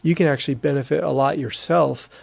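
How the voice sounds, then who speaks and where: A man's voice: a little high, fast talker, gravelly, darkish tone, breathy edge, no room sound. A man hosting a podcast interview, talking in a loose, rambling way with many fillers. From American Midwest. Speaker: podcast host. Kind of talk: casual conversational interview.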